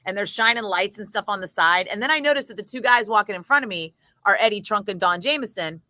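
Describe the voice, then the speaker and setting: A woman radio DJ talking in a radio studio between segments, with a bright, crisp voice close to a dry mic. She tells stories in an animated way, laughing often and swearing freely. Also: medium pitch, fast talker, no echo. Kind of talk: casual storytelling chat between on-air segments.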